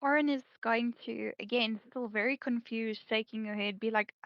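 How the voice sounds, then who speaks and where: A woman's voice: fairly high pitch, fairly even intonation, moderate pace, no room sound, muffled recording. A woman narrating her character's actions in a tabletop role-play game, hesitant and full of fillers. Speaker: player.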